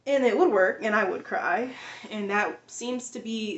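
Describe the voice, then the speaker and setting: A woman's voice: mid-range voice, steady tone, a little slow, gravelly, a bit bright, echoey room. A woman vlogger telling a personal story in a casual, rambling way, full of fillers, restarts and frequent laughs.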